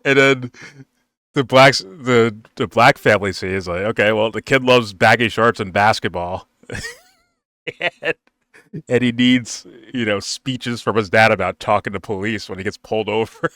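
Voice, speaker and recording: A man's voice: lowish voice, normal speed, a bit bright, dry recording, clean studio sound. A man giving a casual, rambling film review, swearing freely and laughing often.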